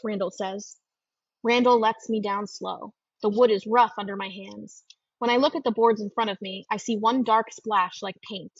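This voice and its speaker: A woman narrates an audiobook in a steady, measured first-person reading. Her voice is gravelly and husky. It is close and dry, on a dull lo-fi recording. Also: medium pitch, no room sound.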